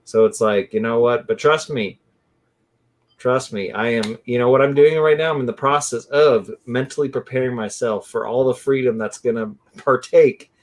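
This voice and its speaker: A man hosting a live barbecue stream, chatting in an excitable, rambling way and saying "dude" a lot. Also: medium pitch, moderate pace. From California. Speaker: host of a live barbecue show. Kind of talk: casual live-stream chat.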